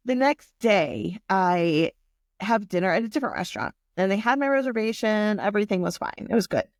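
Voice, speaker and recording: A woman in her forties tells a personal story, candid and emotional, with plenty of swearing. Her voice has a gravelly fry at the ends of phrases. The sound is dry and close, with no room around it. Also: medium pitch, big pitch swings, normal speed, dry recording. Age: 40s. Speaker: vlogger.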